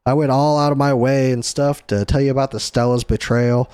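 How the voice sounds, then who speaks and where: A man's voice: medium pitch, steady tone, brisk, a little mellow, smooth, no echo, close to an everyday voice. A man voicing a scheming, whiny female genius scientist in a comic book recap, in a sarcastic and pleading tone close to his own voice. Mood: mocking.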